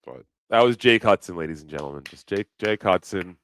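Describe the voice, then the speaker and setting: A man hosting a live show, talking casually, excitable and teasing, putting on mock alarm. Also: low-pitched, fairly quick, slight background noise. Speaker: livestream host.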